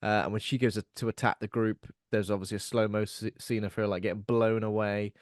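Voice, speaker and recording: A man's voice: lowish voice, flat delivery, fairly quick, no echo, studio quality. A man in a casual podcast chat, hesitantly recapping a horror film's plot from notes. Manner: hesitant, reads plot notes aloud, amused. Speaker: podcast co-host. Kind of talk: casual film review chat.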